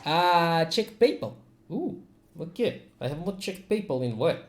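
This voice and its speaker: A man's voice: on the high side, lively intonation, moderate pace. A man chatting casually between turns of a tabletop game stream, distracted and laughing. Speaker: game player on a live stream. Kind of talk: casual chat.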